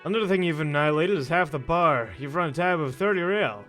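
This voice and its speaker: A man's voice: fairly high pitch, fast, fairly bright tone, soft background music, close to an everyday voice. A man voicing a grumpy, sarcastic male cafeteria manager in a video game who demands money he is owed. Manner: sarcastic, exasperated.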